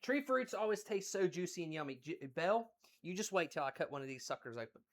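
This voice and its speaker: An excited man from West Virginia with an Appalachian accent, chatting folksily on a cooking livestream. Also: high voice, fast talker. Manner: folksy and exuberant, repeats phrases.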